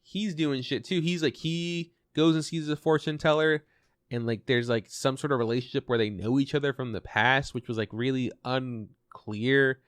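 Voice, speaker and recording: Animated male podcast host, dry sound. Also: mid-range voice, clean tone, no room sound. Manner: animated retelling with quick quoted bits and swearing. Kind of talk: casual chat reviewing an anime.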